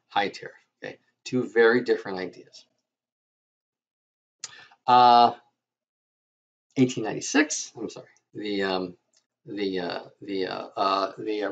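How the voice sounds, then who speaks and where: A man lecturing as a history teacher, with a halting delivery full of fillers and restarts. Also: on the low side, creaky. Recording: dull lo-fi lecture audio.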